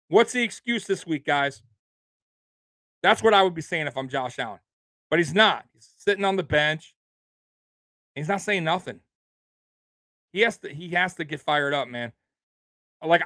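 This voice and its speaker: A man's voice: a little high, fairly bright tone, dry recording, studio quality. A man hosting a sports show, delivering a heated, profane rant that keeps repeating its points for emphasis.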